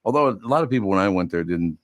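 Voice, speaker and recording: Older male host, low-pitched, dry close mic, loose and self-mocking delivery. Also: lively intonation, rapid-fire, dry recording. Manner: rambling, wry, self-mocking. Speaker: radio show host. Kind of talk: casual chat.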